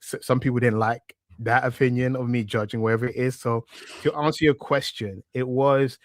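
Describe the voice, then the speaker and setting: A man's voice: mid-range voice, normal speed, no room sound, studio quality. A man in his thirties from East London with a thick East London accent, chatting reflectively as a podcast guest with plenty of fillers. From East London, England. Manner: relaxed and reflective, many fillers and restarts. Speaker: podcast guest, wrestling media presenter. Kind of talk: casual interview chat.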